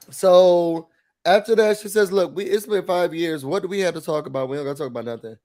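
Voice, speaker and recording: High-voiced man, nasal from a cold. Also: moderate pace. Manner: animated, acts out quotes with big shouts. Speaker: podcast co-host. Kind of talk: casual recap chat.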